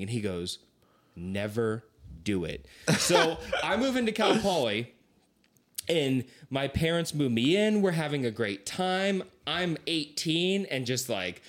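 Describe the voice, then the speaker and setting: Animated young man telling stories. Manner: animated, acts out quoted voices with big pitch swings. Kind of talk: casual storytelling chat.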